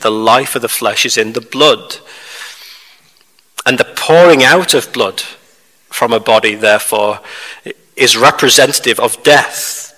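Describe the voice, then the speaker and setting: Man, pastor, bright tone, emphatic sermon, long church reverb. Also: mid-range voice. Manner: measured, emphatic preaching with rhetorical questions.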